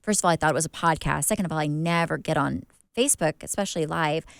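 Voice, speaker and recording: A woman's voice: low-pitched, fast talker, creaky, clean tone, no echo, clean studio sound. A woman co-hosting a podcast, telling a story in a rambling, casual way full of fillers and restarts. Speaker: podcast co-host.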